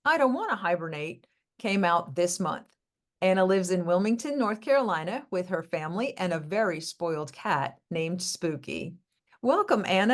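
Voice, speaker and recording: Upbeat woman hosting an author interview. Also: mid-range voice. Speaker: podcast host interviewing an author. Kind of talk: friendly interview, scripted introduction.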